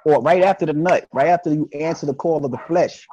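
A man guesting on a podcast, talking in an animated, preachy way and acting out voices in his stories. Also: fairly high pitch, quick pace, lo-fi sound. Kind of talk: casual podcast conversation.

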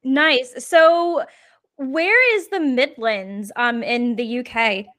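A woman's voice: sits high, slow, fairly bright tone, dry recording, studio quality. A young adult woman hosting a podcast, upbeat and effusive as she introduces and interviews her guest. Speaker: podcast host.

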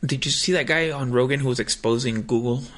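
A man's voice: medium pitch, quick pace, fairly bright tone. A young man hosting a podcast, chatting casually and telling a rambling story full of slang and swearing. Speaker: podcast host. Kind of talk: casual chat.

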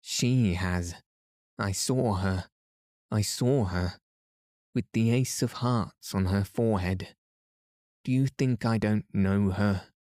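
A delirious young girl in a fever, begging and wild-eyed in a bedtime storybook, as a man reads her in his own low, unhurried voice. Her lines come out slow and hushed, with a dark, mellow tone. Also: no room sound, clean studio sound. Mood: pleading.

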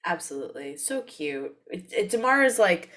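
Lively low-voiced woman co-hosting. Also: moderate pace. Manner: lively and animated, often laughing. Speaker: podcast co-host. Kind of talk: casual chat.

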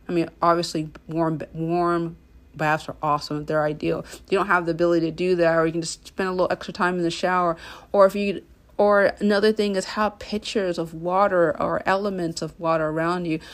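A woman hosting a solo self-care podcast, talking earnestly and encouraging the listener directly. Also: on the low side. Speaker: podcast host and coach.

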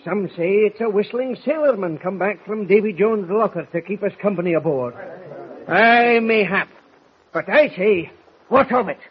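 Old Scottish seaman, stubborn and earnest, 1940s radio play, fairly high voice, dull hissy old recording. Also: animated, moderate pace. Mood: warning. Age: older. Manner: earnest, pleading. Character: stubborn old Scottish sailor, loyal to captain. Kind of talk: 1940s radio drama acting. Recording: lo-fi old radio transcription with hiss.

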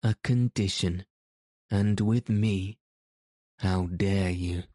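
A blustering quick-tempered old king, as a man reads him. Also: deep voice, fairly even intonation, mellow, no room sound, clean studio sound. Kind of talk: audiobook character reading.

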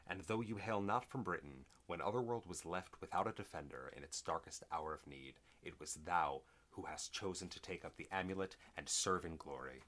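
Casting: deep, ceremonial disembodied voice bestowing power , read by a man. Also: moderate pace, few pauses, fairly bright tone. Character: mysterious disembodied voice granting power.

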